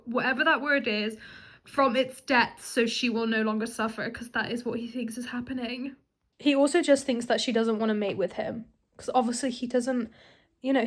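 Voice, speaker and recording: Casual young woman talking through a book in her kitchen, a bit high pitched, dry jokey asides. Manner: chatty, amused, sarcastic asides. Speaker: book vlogger. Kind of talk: casual reading vlog. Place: home kitchen.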